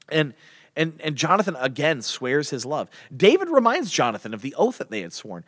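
Animated man teaching the Bible. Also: on the high side, normal speed, dry recording, studio quality, long reverb tail. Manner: animated, restarts and repeats words.

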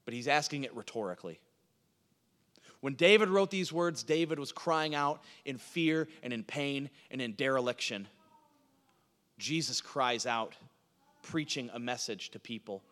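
A pastor preaching a sermon, swinging from hushed lines to loud, urgent passages. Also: male voice, mid-range voice, measured pace, long reverb tail.

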